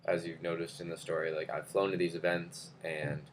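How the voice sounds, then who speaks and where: A young man with a very low voice tells a story to camera. He rambles casually, with lots of fillers and restarts. A faint hiss sits behind him. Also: flat delivery, fairly quick. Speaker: vlogger.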